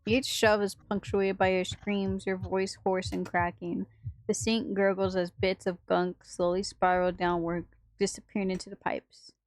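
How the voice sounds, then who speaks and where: A woman's voice: medium pitch, level tone, unhurried, no room sound, low-quality recording. A woman reading a horror visual novel aloud for a gaming video, with dramatic narration and reactions.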